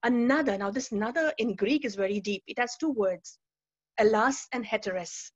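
Woman preacher, higher husky voice, earnest testimony over a muffled video call. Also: normal speed, no room sound. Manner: earnest, emphatic, repeats key phrases. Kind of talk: testimony and teaching talk. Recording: dull lo-fi webinar audio.

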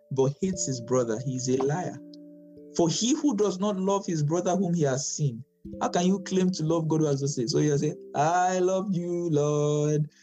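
A man's voice: on the high side, low-quality recording. A man teaching a Bible study in an emphatic way, often repeating phrases for stress.

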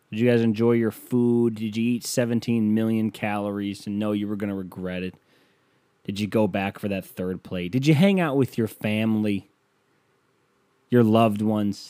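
A man's voice: on the low side, dark tone, no echo. A man hosting a podcast, delivering a sarcastic, ranting comedic monologue and acting out the people he quotes. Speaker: podcast host.

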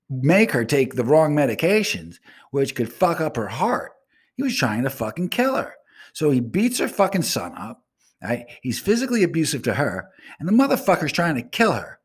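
A man hosting his own online show, delivering a profane, ranting monologue that swings between loud outbursts and muttered asides. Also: mid-range voice, big pitch swings, brisk, breathy edge. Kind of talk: profane rant to camera.

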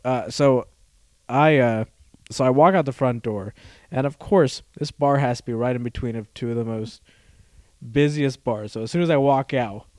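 A young man co-hosting a podcast, telling a story in a rambling, halting way, full of fillers and loudly acted-out quotes. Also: mid-range voice, dry recording. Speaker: podcast co-host. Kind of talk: casual chat, storytelling.

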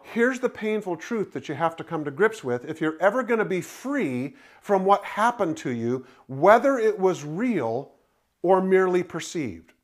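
A man with a high-pitched voice preaching a sermon. He is emphatic and repeats his key points, guiding listeners through the blanks in their notes. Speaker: pastor.

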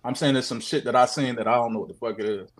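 A man telling his own odd sighting story on a call, animated, swearing often and repeating himself. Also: mid-range voice, fast. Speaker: guest sharing a sighting story. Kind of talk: casual storytelling on a video call show.

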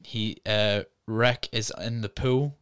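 Bright, crisp-voiced man retelling a film. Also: fairly low pitch, takes it slowly. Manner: animated storyteller, retells scenes with fillers and laughs. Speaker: podcast co-host. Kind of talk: casual film review chat. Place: studio.

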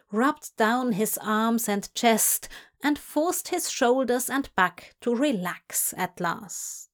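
Woman reading a story, hushed, whispery, very slow, mid pitch. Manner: soft, hushed and unhurried, drifting into whispers. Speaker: audiobook reader. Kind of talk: narrating fan fiction aloud.

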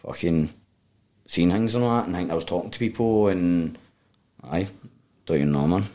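A man's voice: sits low, moderate pace, mellow. A man with a Glasgow Scottish accent, a guest telling his story frankly in an interview, in blunt, sweary speech with tumbling restarts. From Glasgow, Scotland. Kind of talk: candid storytelling in a podcast interview.

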